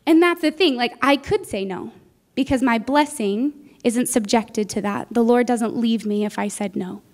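A woman with a high, light voice preaches a Sunday sermon. She talks earnestly and personally, slipping into what she said at the time as she tells the story to her church. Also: normal speed, a little mellow. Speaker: guest preacher. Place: church sanctuary.

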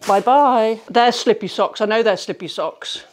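Her voice a little high and her pace measured, a middle-aged home organising vlogger sorts socks on her bedroom bed. She chats her way through the declutter video, exclaiming often and poking fun at herself.

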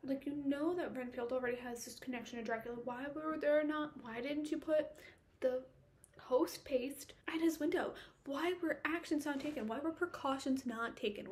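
A woman's voice: high-pitched, a little hiss or hum. A woman recapping a classic horror novel in a casual vlog, ranting in exasperation with a string of rhetorical questions. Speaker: book vlogger.

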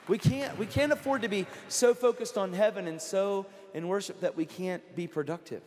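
A middle-aged man preaching a sermon at a conference, telling stories with quoted dialogue and building to near-shouting. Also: high-pitched, moderate pace, few pauses. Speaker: guest preacher. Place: large conference hall. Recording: long hall reverb.

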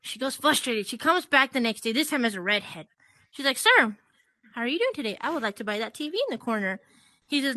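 A woman's voice: on the high side, expressive, fairly quick, pushed and bright, no echo. A woman performing a chatty stand-up set in a virtual comedy club, giggling between jokes.

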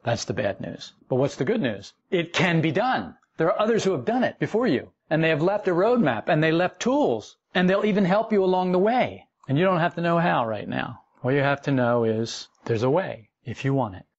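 A man's voice: a little high, lively intonation, fairly quick, hardly any pauses, husky, highs cut off. A man giving a spoken spiritual lecture as a teacher, folksy and wry, with playful acted asides. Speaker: esoteric teacher.

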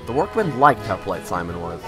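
A man narrating a storybook tale in a measured, lively storytelling manner. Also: lowish voice. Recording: music playing behind.

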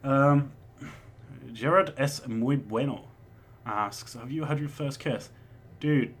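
A man's voice: medium pitch, slow pace, a little hiss or hum. A man in his twenties, chatting casually as a vlogger answering viewer questions, rambling and swearing as he goes. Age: 20s. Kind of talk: casual chat.

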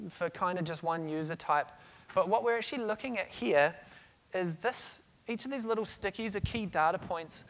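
A middle-aged man giving an energetic conference talk on stage, telling stories with frequent restarts. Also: high-pitched. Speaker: conference speaker. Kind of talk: conference keynote.

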